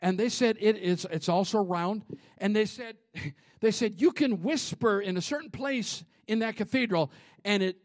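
A pastor with a high voice delivers a sermon in a church. He moves between hushed, breathy whispers and loud, ringing shouts as he preaches. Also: moderate pace. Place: church sanctuary.

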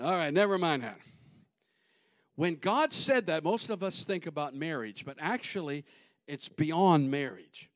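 Pastor, male, high tenor, dry close sound, preaches in surges, shouts the peaks, mutters the asides. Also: expressive, measured pace, no room sound. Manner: builds to shouting peaks, drops to low asides; folksy, repetitive, call-and-response. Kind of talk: sermon.

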